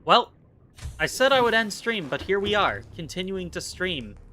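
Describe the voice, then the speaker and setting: A male game streamer with a bright, sharp voice that sits a little high. He talks casually to his viewers and keeps slipping into playful, over-the-top mock-fury, his pitch swinging all over the place. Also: very animated, moderate pace, soft background music. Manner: playful, theatrical mock-rage rants. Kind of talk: casual live-stream commentary while playing.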